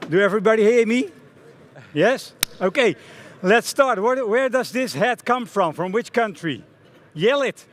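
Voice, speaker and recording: Animated Dutch-accented man telling a story. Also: high-pitched, a little slow. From Netherlands. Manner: animated, many hesitations and restarts. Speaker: conference speaker, front-end architect. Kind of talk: storytelling conference talk. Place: conference hall stage.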